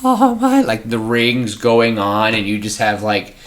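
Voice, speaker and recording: A man hosting a podcast, pitching story ideas in a rambling casual chat with frequent laughs. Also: level tone, measured pace, fairly bright tone. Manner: rambling, laughs often, acts out scenes.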